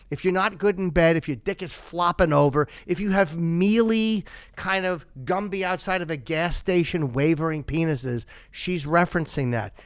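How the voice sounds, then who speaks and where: A podcast host in his fifties reads sponsor ads live but keeps drifting off script into crude, sarcastic asides. His voice is fairly high, smooth, resonant and a bit bright. The sound is dry and close, with no echo.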